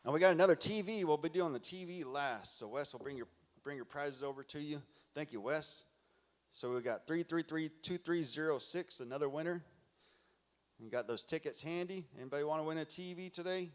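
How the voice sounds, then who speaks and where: A man with a slightly high voice emcees a conference on a mic in a large hall. He booms out applause cues and reads raffle numbers slowly and clearly. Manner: loud, hearty, calls out raffle numbers slowly.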